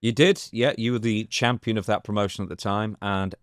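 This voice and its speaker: A man's voice: lowish voice, steady tone, fairly quick, dry recording, studio quality. A man co-hosting a casual chat, giving facts in a matter-of-fact way. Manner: matter-of-fact, gives details. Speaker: co-host.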